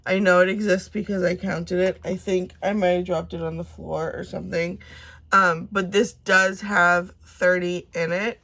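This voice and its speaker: A woman's voice: on the low side, fairly even intonation, normal speed, a bit bright. A woman in her thirties chatting casually to camera at home, rambling and talking herself through her plans with many fillers. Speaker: cash budgeting vlogger.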